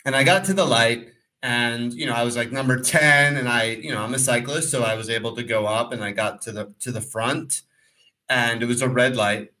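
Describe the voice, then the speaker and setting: Man, bright voice, casual podcast co-host, rambling, animated storytelling. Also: mid-range voice, moderate pace, poor audio. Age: adult, former pro cyclist. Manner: rambling, animated, acts out quotes.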